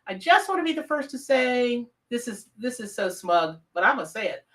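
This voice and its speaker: A woman's voice: a little high, big pitch swings, normal speed, fairly bright tone, far from the mic, poor audio. A woman from the American South with a Southern accent, hosting a live tarot reading and chatting casually with viewers as she reads their comments. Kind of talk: live-stream chat and reading.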